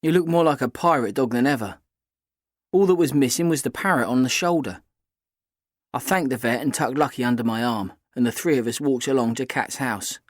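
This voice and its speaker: A man reads a first-person novel aloud at a middle pitch. His manner is even and story-minded. The recording is dry and close. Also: fairly quick, no echo. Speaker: audiobook narrator. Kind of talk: scripted first-person narration.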